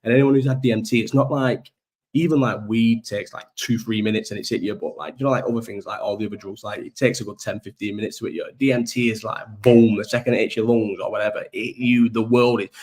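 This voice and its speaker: A man's voice: on the low side, steady tone, fast talker, darkish tone. A young man hosting a casual live-stream chat, rambling through stories with lots of swearing and frequent laughter.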